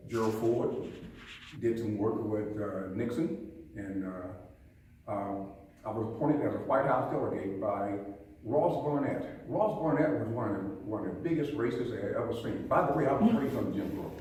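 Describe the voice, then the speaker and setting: A man's voice: lowish voice, normal speed, darkish tone. An older man from the American South telling stories and giving homespun sayings as a police chief speaking to an audience. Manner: storytelling, homespun sayings, asks the audience questions. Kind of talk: folksy public talk to an audience. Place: museum hall with an audience. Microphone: recorded from across the room. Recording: echoey hall, distant mic, faint room noise.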